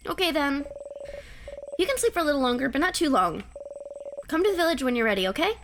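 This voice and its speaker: A woman's voice: sits high, sing-song, quick pace, background noise, pitched above the performer's own voice. A woman doing a bubbly young woman. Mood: gentle. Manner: bubbly, sweet, fussing. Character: cheerful eager young woman friend. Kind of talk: reading game dialogue aloud. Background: game music.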